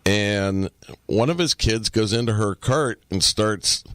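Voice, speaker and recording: A man's voice: on the low side, takes it slowly, fairly bright tone, no echo. A man co-hosting a podcast, chatting casually and telling profane stories, acting out the people he quotes. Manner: storytelling, profane, acts out quotes. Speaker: podcast co-host. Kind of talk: casual chat.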